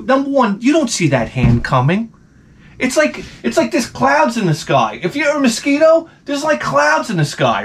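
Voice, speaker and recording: A man ranting in a casual, profane, wry way, with a voice that sits a little high. His delivery is animated, and he jumps up into a higher voice to act out the people he quotes. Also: husky. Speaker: vlogger. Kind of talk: casual comedic rant.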